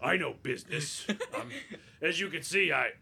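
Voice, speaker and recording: A man voicing a vain, boastful male monster who leads a cave gang and shouts at his underlings. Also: on the high side, expressive, normal speed, vocal fry, husky, heavily acted. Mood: scheming. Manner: refers to himself in third person; loud, shouting, self-satisfied.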